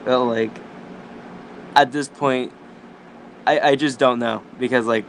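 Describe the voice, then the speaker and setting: A man's voice: mid-range voice, steady tone, takes it slowly, a little hiss or hum. A young man ranting in a voice message, profane, exasperated and rambling.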